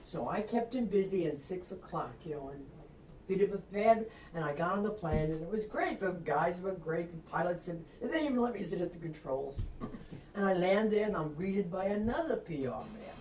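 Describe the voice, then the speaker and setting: An older woman from Long Island, a retired reporter, telling a lively anecdote and acting out the voices of people in it. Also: lowish voice, normal speed, slight background noise. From Long Island, New York. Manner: lively, acts out quoted voices, laughs often. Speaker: interview guest, retired reporter. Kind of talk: anecdotal storytelling. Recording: roomy, distant mic.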